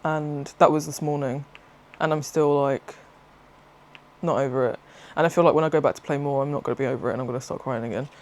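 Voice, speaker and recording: Here a craft vlogger rambles through a casual vlog in a mid-range voice at a quick pace. She's excitable, laughs frequently and interrupts herself mid-thought.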